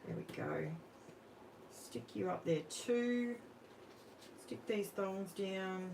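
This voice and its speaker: A woman's voice: medium pitch, slow pace, noisy background. An Australian woman hosting a live crafting stream, chatting casually with her viewers while she works. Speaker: crafting livestream host.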